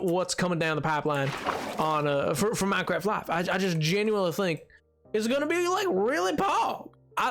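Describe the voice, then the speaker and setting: A rambling, excitable streamer chatting live while building in a game, greeting chat and talking over themselves with frequent false starts. Now and then they slip into a joking put-on accent. Faint music plays underneath. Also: mid-range voice. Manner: rambling and excitable, reading chat aloud with many restarts; sometimes puts on a joking accent.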